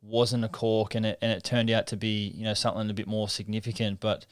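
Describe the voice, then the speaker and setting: A man tells his story in a reflective, earnest way. His voice is smooth and resonant, recorded close and dry. He stops and restarts often while he talks in a casual interview. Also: on the low side, level tone, fast talker, dry recording. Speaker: interview guest, professional rugby league halfback.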